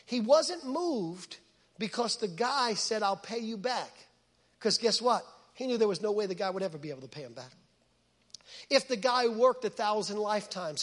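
A man with a very high, bright voice delivers an emphatic sermon, hammering words through repetition. His voice rings out in a large church hall with a long reverb trailing after each phrase. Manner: emphatic, repeats words for stress. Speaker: pastor.

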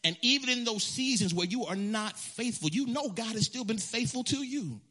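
A man preaching a storytelling sermon as a pastor, animated and emphatic, often restarting his phrases. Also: extremely high pitch, moderate pace, husky, soft background music.

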